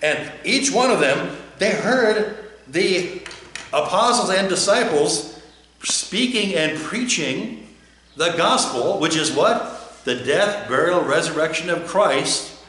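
Man, pastor, conversational sermon, joking and questioning, somewhat high pitch, very reverberant church. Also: lively intonation, slow pace, fairly bright tone. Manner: chatty and joking, asks the listeners questions. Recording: very echoey church.

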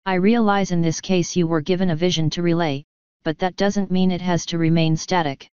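A woman voicing a wise, regal female pony princess who speaks in a measured, formal, gentle way. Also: fairly low pitch, steady tone, clean tone, no room sound, muffled recording, natural voice. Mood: calm.

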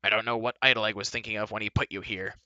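A man's voice: on the low side, steady tone, racing, bright, forceful tone, smooth, no echo, highs cut off. A man doing a brusque bossy dwarf. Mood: scolding. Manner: brusque, scolding.

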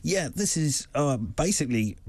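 A man's voice: on the high side, expressive, moderate pace, darkish tone, husky, dry recording. Joking male studio regular, dry sound. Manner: teasing, joking. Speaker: regular tech contributor. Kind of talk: casual studio banter.

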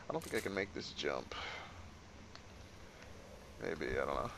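A man's voice: extremely low pitch, a little slow, gravelly, long pauses, slight background noise. A man giving casual let's-play commentary, swearing and crying out when startled. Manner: lively, swearing, startled outbursts. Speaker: gameplay commentator.

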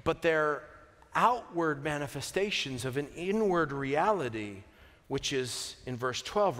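A man preaching a sermon, earnest and unhurried, moving from quiet reflection to emphatic peaks with joking asides. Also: on the high side, expressive. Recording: long hall reverb.

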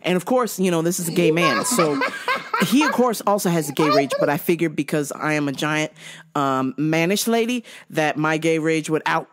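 A woman's voice: low voice, normal speed. A woman hosting her own show, telling a work story in a blunt, sarcastic way with lots of swearing and laughter mixed in. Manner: profane, frequently laughing while talking. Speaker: podcast host. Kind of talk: casual comedic storytelling.

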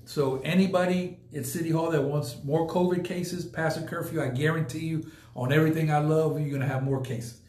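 A man's voice: on the high side, steady tone, fairly quick, hardly any pauses, darkish tone, roomy sound. A man hosting a casual podcast, talking emphatically and repeating points for effect. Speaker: podcast host. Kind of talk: casual live podcast talk.

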